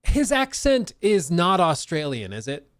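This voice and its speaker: Guy streamer rambling casual, lively up and down voice, dry close mic, laughs a lot. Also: high voice, measured pace, dry recording. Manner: animated, laughs often, slangy. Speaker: livestream host. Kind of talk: casual live stream chat.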